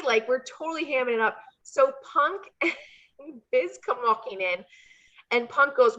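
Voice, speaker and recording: A woman's voice: high voice, unhurried, pauses often, highs cut off. A woman, a former wrestler interviewed as a guest, telling a casual story full of fillers and bursts of laughter. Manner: chatty, animated, frequent fillers and laughs.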